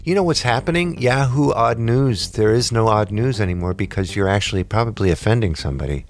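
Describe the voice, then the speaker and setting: A man co-hosting a casual podcast, reading odd news stories and cracking deadpan jokes. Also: fairly low pitch, fast, faint music behind. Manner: joking, deadpan asides. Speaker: podcast co-host.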